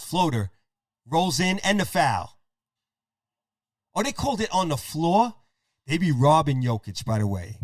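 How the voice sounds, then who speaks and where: A man's voice: mid-range voice, dry recording, studio quality. Man calling a game play-by-play. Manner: rapid game calling, profane, excitable. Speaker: podcast host. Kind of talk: casual play-by-play over a game.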